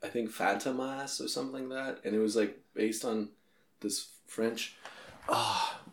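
A man's voice: mid-range voice, steady tone, a little slow, slight background noise. A man hosting a podcast, chatting casually with easygoing, enthusiastic interjections. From Russia. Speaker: podcast host. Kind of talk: casual chat. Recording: roomy echo.

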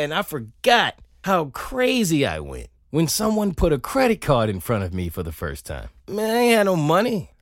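A man hosting a podcast, telling funny stories in an animated, laughing, profane comic monologue, close on a studio mic. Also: medium pitch, no echo. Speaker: podcast host. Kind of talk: comedic solo monologue.

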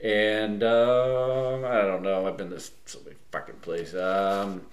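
Low-voiced casual podcast host. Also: male voice, fairly even intonation, slow, roomy sound. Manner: laid-back, swears freely, many fillers. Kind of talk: casual chat.

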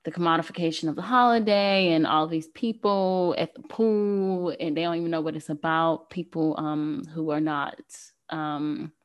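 A woman's voice: sits low, fairly even intonation, normal speed, few pauses, clear, resonant tone. A woman hosting a podcast, talking candidly and casually with a guest. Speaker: podcast host. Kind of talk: casual interview conversation.

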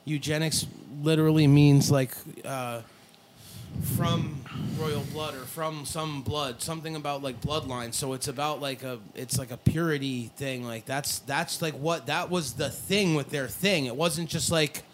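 A man's voice: fairly high pitch, steady tone, measured pace, a crowd in the background. A man hosting a podcast in casual chat, rambling and swearing, laughing often. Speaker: podcast host.

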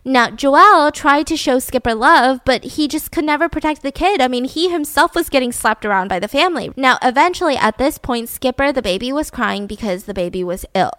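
A woman's voice: high-pitched, animated, a little fast, few pauses, a bit bright, dry recording, clean studio sound. A young adult woman telling a true-crime story in a casual, blunt way, swearing and using lots of "like". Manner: chatty, blunt, swears, fills with "like". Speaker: podcast host.

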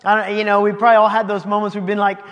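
A man preaches a sermon in a high, light voice, reading passages aloud and breaking into casual, laughing asides. His words ring out with a long reverb, as if in a large hall. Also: monotone, rapid-fire, a bit bright, highs cut off. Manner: conversational, reads scripture then comments, laughing asides. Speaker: pastor.

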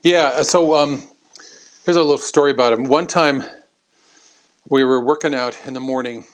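A former congressman speaks as a guest in a talk interview. He tells anecdotes in a lively, chatty way, often restarting his sentences. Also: mid-range voice, normal speed. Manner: anecdotal, animated, frequent restarts. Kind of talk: interview storytelling.

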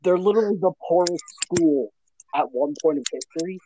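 A man's voice: on the high side, brisk, warm tone, slight background noise, low-quality recording. A man co-hosting a casual podcast, sarcastic and bossy about the rules. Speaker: podcast co-host.

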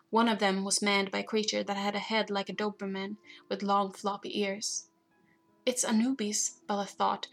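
A woman narrating a fantasy story aloud in a steady, even reading voice. Her melody is notably flat and level. Soft music plays faintly beneath her. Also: medium pitch, vocal fry. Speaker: audiobook narrator. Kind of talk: scripted narration.

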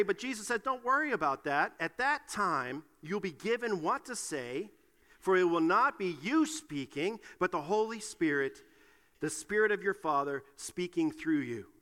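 A man's voice: high voice, sharp tone. A middle-aged man preaching a sermon in a church, talking conversationally and getting the congregation to repeat lines after him. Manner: conversational, leads the congregation in call-and-response. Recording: long hall reverb.

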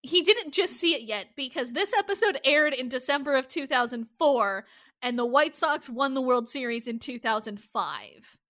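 A woman's voice: high voice, expressive, moderate pace, fairly bright tone. A woman co-hosting a casual podcast chat about a TV show, talking emphatically and swearing heavily. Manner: emphatic, heavy swearing, gets worked up. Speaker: podcast co-host.

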